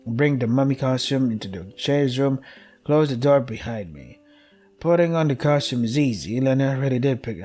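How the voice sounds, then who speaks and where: A man's voice: medium pitch, darkish tone, breathy edge. Exasperated young man reading game text. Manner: swears a lot, exasperated, skims text with "yada yada". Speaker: game streamer. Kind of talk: reading game text aloud with frustrated commentary.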